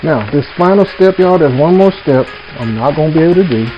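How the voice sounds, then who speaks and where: A fast-talking man with a slightly high, animated voice hosts a casual cooking vlog at home. Folksy and easygoing, he keeps calling his viewers "y'all," with background music and a sizzling pan heard through the dull lo-fi audio.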